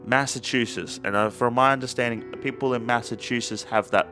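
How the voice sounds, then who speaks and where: A young man cracks jokes through a casual movie review, rambling and swearing freely as he restarts his thoughts mid-sentence. His voice sits at an ordinary middle pitch. A faint guitar plays behind him. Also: steady tone, fairly quick, sharp tone. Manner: rambling, profane, jokey with self-interrupting restarts.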